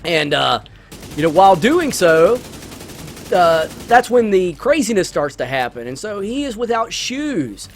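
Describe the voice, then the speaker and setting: Lively high-voiced man rambling casually. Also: unhurried, slight background noise. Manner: rambling, chatty retelling with many restarts. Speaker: let's-play host. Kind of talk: casual movie review while gaming.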